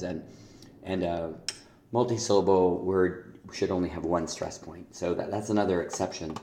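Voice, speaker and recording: A male teacher giving recorded feedback on a student's poetry assignment, halting with many fillers and restarts, reading verse lines aloud. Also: deep voice, mellow, slight background noise. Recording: echoey room.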